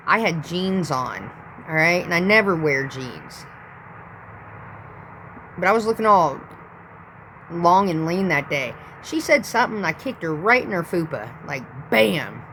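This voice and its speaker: A woman's voice: fairly low pitch, a bit bright, a little hiss or hum, poor audio. A woman in her thirties telling a rambling, profane story in a casual vlog.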